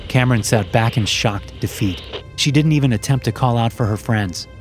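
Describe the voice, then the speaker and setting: A man narrating a horror story in a steady storytelling voice. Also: medium pitch, normal speed. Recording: loud background music.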